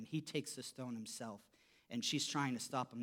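A man preaching a sermon, telling a story, his voice dropping soft for quotes and rising when he stresses a point. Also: fairly even intonation, moderate pace. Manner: storytelling, voice drops low for quoted lines and rises when emphatic. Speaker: pastor.

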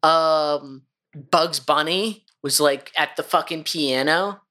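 Bright-sounding cohost, excitable and sweary, riffing fast in casual chat. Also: medium pitch. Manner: excitable, profane banter. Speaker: podcast co-host.

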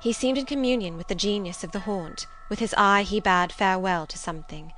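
A woman narrating a classic novel as an audiobook reader, with measured, expressive storytelling. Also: medium pitch, slight background noise, low-quality recording. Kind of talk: scripted literary narration.

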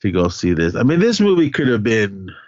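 A man's voice: lowish voice, sing-song, fairly quick, a little mellow, no echo, muffled recording. A man casually retelling a horror film's plot, rambling with lots of fillers. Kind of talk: casual film recap.

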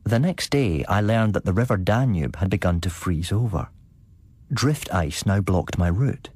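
Low, husky male storyteller. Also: animated, a little slow, a little mellow, dry recording. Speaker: podcast host and story reader. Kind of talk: dramatic storytelling narration.

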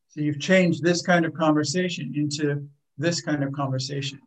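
A man teaching a workshop group in a calm, explanatory way, often repeating words as he thinks. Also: on the high side, moderate pace, poor audio. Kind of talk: teaching a group, with acted example lines.

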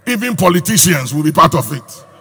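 Shouting preacher, raspy and lively. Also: male voice, fairly high pitch, fairly quick. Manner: preaching with rising shouts and sung phrases. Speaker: pastor. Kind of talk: sermon. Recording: hall reverb with faint music.

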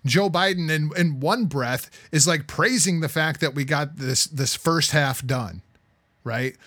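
A man co-hosting a heated political talk podcast, profane and exasperated, swinging between loud outbursts and low muttering. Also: measured pace, no room sound. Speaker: podcast co-host.

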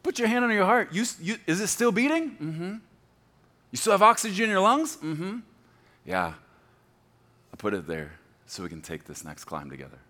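A fond, fatherly God who gently teases, as a male preacher puts him on. The voice is warm in manner, with a lively pitch that rises and falls, spoken in the middle of a sermon. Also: moderate pace, pauses often, exaggerated voice. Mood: teasing. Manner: gentle, teasing.

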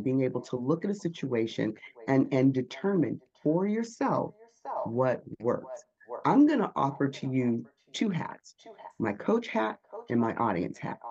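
A man's voice: medium pitch, vocal fry, darkish tone, lo-fi sound. A man who coaches public speaking, answering interview questions and acting out the inner voices he quotes.

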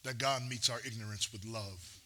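Bright-voiced preacher man, playful sermon. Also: fairly low pitch, moderate pace. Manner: playful asides, acts out quotes in slang; builds to intense preaching. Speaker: pastor.

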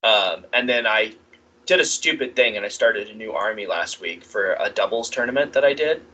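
A man co-hosting a casual hobby podcast, animated and excitable, often stumbling over his words. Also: on the low side, normal speed, noisy background. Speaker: podcast co-host. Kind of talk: casual chat about tabletop wargaming.

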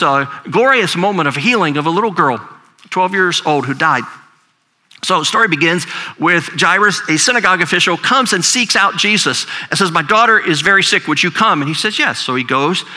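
Older man, pastor preaching, bright ringing voice, fairly high pitch, chatty storytelling. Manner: conversational storytelling preaching, repeats words. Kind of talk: sermon.

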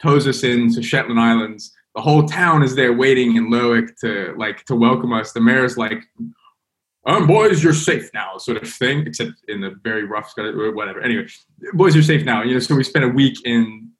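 A man with a mid-range voice, a guest on a podcast, spins a yarn in loose conversational style. He keeps dropping in fillers as he goes. The delivery is animated. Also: mid-range voice, a little fast, few pauses. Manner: animated, rambling, heavy on fillers. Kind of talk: casual storytelling.

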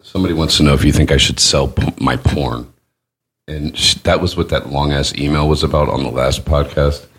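A man's voice: extremely low pitch, steady tone, brisk, a bit bright, slightly rough. A man hosting a podcast, telling crude stories with lots of swearing and mocking the voices of the people he quotes. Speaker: podcast host. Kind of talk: crude casual storytelling.

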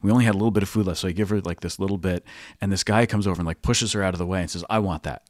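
Man, priest, podcast host, low voice, dry close mic, animated storyteller who laughs often. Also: racing, dry recording. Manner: animated anecdotes, frequent laughter. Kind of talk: casual storytelling.

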